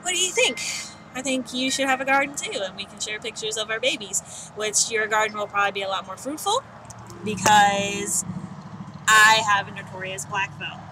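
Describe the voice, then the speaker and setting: A woman's voice: mid-range voice, normal speed, noisy background. A young woman vlogging in casual chat on an outdoor balcony, rambling and self-mocking with lots of fillers.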